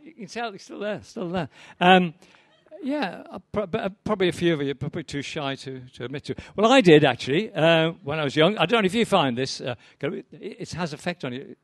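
A man's voice: on the high side, animated, fairly quick, dry recording. An older man giving a live poetry reading, with wry, rambling, self-deprecating asides to the audience. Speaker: poet performing to an audience.

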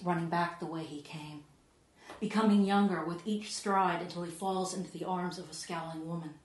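A woman reading her own poetry aloud to an audience, measured and soft, often sinking to a hush. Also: on the low side. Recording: echoey room.

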